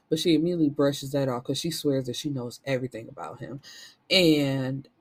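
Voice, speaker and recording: A woman's voice: extremely low pitch, normal speed, gravelly, slightly rough. A woman book reviewer giving a casual, candid recap of a novel, with blunt asides.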